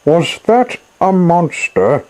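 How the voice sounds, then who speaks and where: A man voicing a gentle, curious patchwork elephant in a storybook reading, calm and mildly amused. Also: fairly low pitch, measured pace, creaky, breathy edge, exaggerated voice, poor audio.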